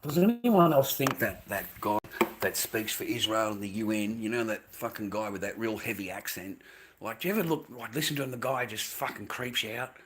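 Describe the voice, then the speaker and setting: A man's voice: lowish voice, animated, a little fast, slight background noise. Blunt, swearing Australian man streaming. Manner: blunt, swears constantly, repeats himself. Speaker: livestreamer. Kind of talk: profane livestream rant to chat.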